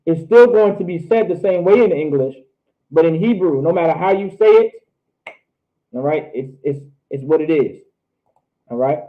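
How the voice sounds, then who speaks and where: Male instructor running a class, repeats each phrase slowly; thin, phone-line audio. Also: on the high side, animated. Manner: repetitive, drills phrases slowly syllable by syllable. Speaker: language teacher. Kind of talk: online class lecture.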